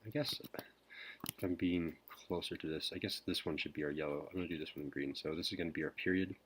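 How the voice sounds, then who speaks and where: A man teacher whispering a recorded math lesson, hesitant with frequent pauses. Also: very deep voice, a little hiss or hum. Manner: whispering softly; hesitant, many ums.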